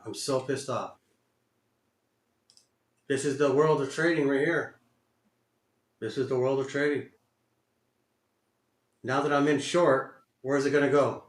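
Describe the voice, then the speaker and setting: A man giving live commentary on his own day trades, muttering, cursing and repeating himself in frustration. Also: mid-range voice. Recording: roomy echo.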